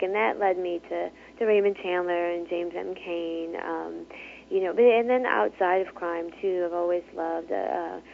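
A woman's voice: on the low side, vocal fry, a little hiss or hum. A woman author talking casually as an interview guest, chatty, with many fillers and frequent laughs. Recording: tinny phone line.

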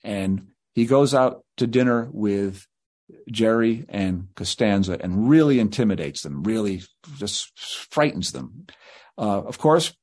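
A man's voice: lowish voice, animated, measured pace, a little mellow. A male guest author telling rambling anecdotes in an interview, slipping into quoted voices.

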